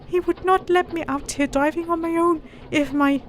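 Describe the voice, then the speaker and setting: A woman's voice: normal speed, a little hiss or hum. A woman voicing an eager young boy driving a steam carriage, trying out a foreign accent. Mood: earnest. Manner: high, excitable, attempting a foreign accent.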